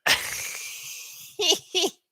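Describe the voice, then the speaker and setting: A young man talks through a football game on his live stream, rambling and cracking jokes as he goes. His voice is bright and forward. The sound is dry and close, with almost no room around it. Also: very slow, dry recording. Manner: rambling, joking, laughs often. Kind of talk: casual live-stream commentary.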